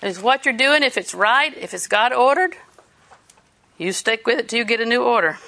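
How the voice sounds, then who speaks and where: A woman's voice: a little high, fairly quick. A woman preaching a sermon, telling stories and laughing as she exhorts. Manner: storytelling, animated, laughs while preaching.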